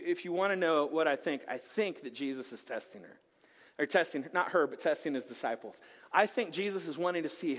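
A pastor preaches a sermon with animated, conversational storytelling and jokes mixed in. His voice sits high, and the long reverb of a church hall trails after his words.

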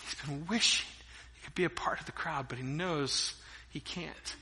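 Middle-aged pastor guy preaching, super bright cutting voice, lots of hall reverb. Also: fairly high pitch, normal speed. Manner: energetic storytelling preacher, swinging between loud emphasis and hushed asides. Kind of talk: sermon. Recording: long reverb of a large hall.

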